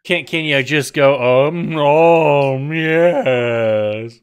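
Excitable man streamer, very lively pitch. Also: unhurried. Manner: excitable, swearing, prone to sudden yelling outbursts. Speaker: game streamer. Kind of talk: casual live-stream chat while gaming.

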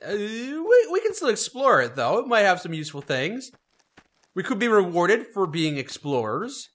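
A man casually joking his way through a game with a friend. His voice is high and bright, and his pitch moves around freely as he talks. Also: wildly swooping pitch, normal speed. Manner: jokey, easygoing asides. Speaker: game commentator. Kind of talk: casual gameplay commentary.

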